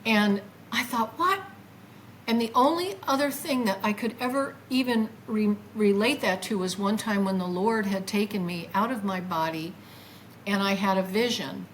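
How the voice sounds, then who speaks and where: An older woman, a guest, tells her own story with feeling and acts out her past words in a lively voice. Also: mid-range voice, normal speed, a little hiss or hum, rough recording. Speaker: guest recounting a near-death experience. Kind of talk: emotional first-person storytelling.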